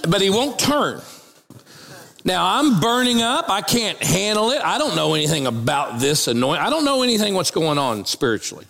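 A man with a high voice and vocal fry preaches from the pulpit at a moderate pace, telling a comic story and acting out each voice. The animated storytelling sermon carries a long reverb tail.

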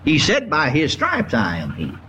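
An older man preaching a sermon to a congregation, telling a story in a folksy, repetitive way with drawn-out emphasis. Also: a little high, wildly swooping pitch, sharp tone, highs cut off, a little hiss or hum. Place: church before a congregation.

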